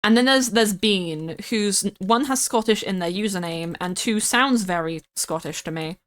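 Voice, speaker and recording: A woman's voice: mid-range voice, moderate pace, a bit bright. A young woman from the United Kingdom, a streamer chatting casually and rambling while she builds in a game, often giggling and swearing.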